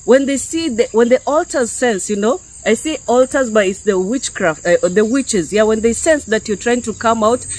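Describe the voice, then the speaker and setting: A woman's voice: a little high, normal speed, few pauses, a little mellow, poor audio. A woman from Kenya giving an unscripted spiritual teaching to her online viewers, talking conversationally and often checking in with "yeah?" and "okay?". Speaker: YouTube preacher.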